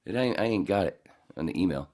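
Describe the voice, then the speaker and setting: A man's voice: sits low, animated, fast, a little mellow. A man hosting a podcast in casual chat, joking, rambling and swearing freely. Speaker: podcast host.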